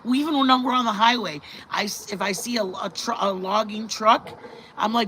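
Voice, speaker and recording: A woman's voice: mid-range voice, normal speed. Middle-aged female vlog host, chatty and rambling, faint hum behind her. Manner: rambling, animated, bursts of loud laughter. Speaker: channel host. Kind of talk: casual live-stream chat.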